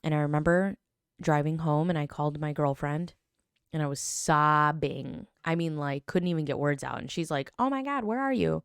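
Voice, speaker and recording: A woman in her thirties hosting a podcast, telling a personal story in a chatty, animated way with many fillers and self-corrections. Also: deep voice, moderate pace, clean tone, dry recording, studio quality. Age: 30s. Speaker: podcast host. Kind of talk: casual storytelling.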